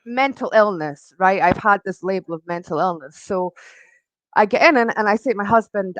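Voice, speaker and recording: A woman in her forties speaks as an interview guest, recounting her life in a loose, rambling way with plenty of ums and likes. Her voice sits at a middling pitch and is recorded close and dry, with no room sound around it. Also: normal speed, fairly bright tone, no echo, muffled recording. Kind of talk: personal storytelling in conversation.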